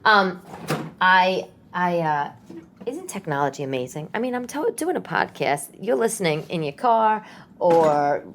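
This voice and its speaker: A woman's voice: lowish voice, very animated, unhurried, a little hiss or hum. A woman, rambling casually as a podcast host from her home, with frequent restarts. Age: late 30s. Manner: chatty, rambling, many restarts. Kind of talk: casual solo podcast chat.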